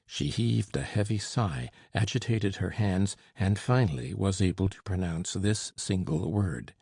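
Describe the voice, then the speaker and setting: Gravelly low-voiced male audiobook narrator. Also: lively intonation, no room sound, studio quality. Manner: measured, slows for emphasis, lifts for quoted shouts. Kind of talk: scripted narration.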